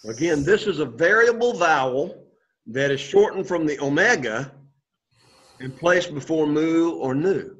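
A man's voice: on the high side, lively intonation, unhurried, a bit bright, dull audio. A man teaching a Greek class, explaining patiently and checking in with "okay?" after each point. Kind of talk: classroom lesson.

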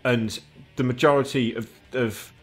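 A man's voice: medium pitch, steady tone, measured pace, husky, faint music behind. A man co-hosting a gaming podcast over voice chat, dry and mock-formal. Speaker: podcast co-host. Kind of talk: casual chat.

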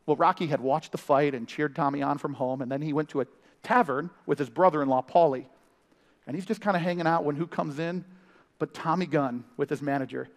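A man's voice: on the high side, brisk. A man preaching a sermon as family ministry pastor, telling stories with playful impressions and humor. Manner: animated storytelling with impressions and humor. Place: church. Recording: live sermon in a reverberant hall.

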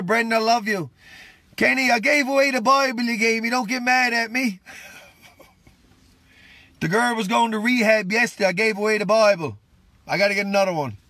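A man preaching on a live stream, his voice pitched very high and sharply bright. He is fervent and exclamatory, yet sounds worn out. The sound is close and dry, with no room around it. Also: no room sound. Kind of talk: impromptu livestream preaching and greetings.

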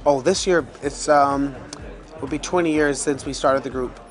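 A man's voice: medium pitch, steady tone, moderate pace. An American man, a talent show judge, answering in a casual interview with a lot of ums and restarts. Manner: hesitant, lots of ums and restarts. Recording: music behind.

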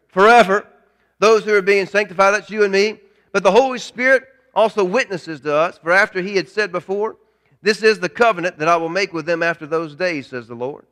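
Male pastor, high bright voice, emphatic sermon delivery with rhetorical questions. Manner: emphatic preaching, repeats key lines, rhetorical questions.

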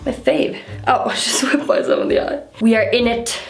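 A woman's voice: fairly high pitch, steady tone, normal speed, vocal fry, faint music behind. A woman chatting casually and giggling nervously in a home vlog, swearing freely. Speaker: beauty vlogger. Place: bathroom at home. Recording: echoey small bathroom.

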